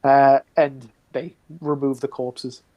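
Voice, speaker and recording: Brief: easygoing game master, casual rambling narration, average pitch. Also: steady tone, normal speed, lo-fi sound. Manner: casual, rambling, filler-heavy.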